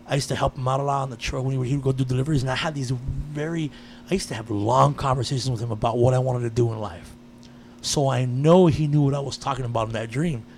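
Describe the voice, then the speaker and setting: A man in casual chat, telling a personal story with lively energy and frequent swearing. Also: mid-range voice, fast talker, a little hiss or hum. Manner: animated storyteller, swears freely.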